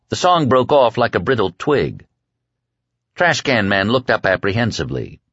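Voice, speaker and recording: A man reading an audiobook in a measured, dark storytelling manner. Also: on the low side, sing-song, breathy edge, dry recording. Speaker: audiobook narrator. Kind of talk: scripted audiobook narration. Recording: dry dull lo-fi audio.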